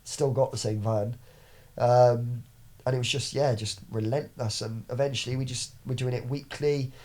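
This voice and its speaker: A man's voice: mid-range voice, steady tone, normal speed, mellow. A young man, a podcast guest and business owner, telling stories in a rambling casual way with frequent swearing and restarts. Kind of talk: casual chat.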